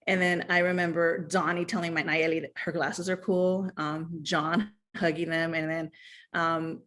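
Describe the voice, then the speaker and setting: A woman in her thirties or forties telling a personal story in a chatty, animated way, full of fillers and asides. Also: mid-range voice. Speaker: guest sharing fan memories. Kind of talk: casual storytelling chat.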